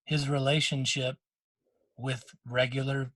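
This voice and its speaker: A middle-aged man talks on a podcast with a husky, slightly breathy voice at an ordinary pitch. He tells a heartfelt story in loose, restarting sentences and slips briefly into other people's words. The sound is close and dry, with no room around it. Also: little pitch movement, unhurried, fairly bright tone, no room sound. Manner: emotional storytelling with many restarts; quotes others in short bursts. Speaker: podcast co-host. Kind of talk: casual podcast chat.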